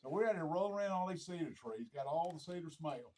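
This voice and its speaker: A middle-aged man spins a hunting yarn in a slightly high voice. He acts out every quoted voice and breaks into laughter often. The telling is loose and chatty. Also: animated, fast talker, darkish tone, rough recording. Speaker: hunter telling a story. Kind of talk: casual storytelling.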